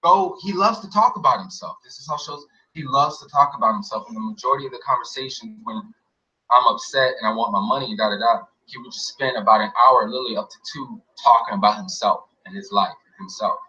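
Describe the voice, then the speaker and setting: A man telling a story casually in a rambling way, with many fillers, often dropping to a quiet mumble. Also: mid-range voice, fast talker. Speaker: interviewee recounting an experience. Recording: dull lo-fi audio.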